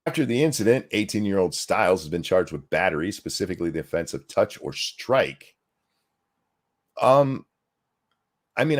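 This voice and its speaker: Low-voiced guy reading news deadpan on a podcast, swoopy lively pitch, cuts in with dry jokes. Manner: reads articles aloud with deadpan asides. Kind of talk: casual news commentary.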